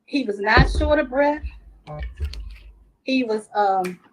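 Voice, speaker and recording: A woman's voice: on the high side, slow pace, low-quality recording. Earnest middle-aged mother in an interview. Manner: earnest, recounting details at length. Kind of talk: recorded interview.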